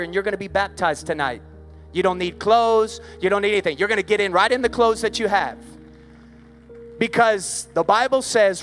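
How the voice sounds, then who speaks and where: A man's voice: high voice, a little fast, fairly bright tone, faint music behind. A man preaching an impassioned revival sermon at an outdoor service and leading an altar call. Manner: impassioned, repetitive preaching cadence.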